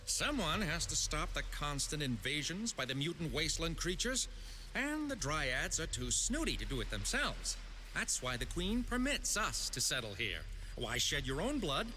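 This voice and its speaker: A man's voice: fairly high pitch, big pitch swings, moderate pace, bright, forceful tone, slight background noise, rough recording. An actor voicing a wry, scornful male elf settler in a fantasy video game. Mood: sardonic. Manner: wry, mocking. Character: sardonic elf settler man, blunt and scornful.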